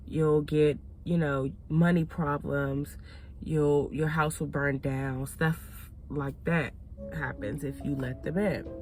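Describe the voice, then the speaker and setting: A woman hosting a video, casually telling a story to her viewers and chatting with them as "y'all". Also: sits low. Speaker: video host. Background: music.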